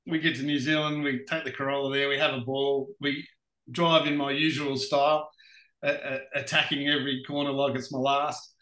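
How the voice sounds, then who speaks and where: An Australian man, a racing driver and podcast guest, telling lively anecdotes with frequent laughs. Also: medium pitch, normal speed. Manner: animated anecdotes, laughs often. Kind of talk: casual storytelling interview. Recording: roomy echoey room.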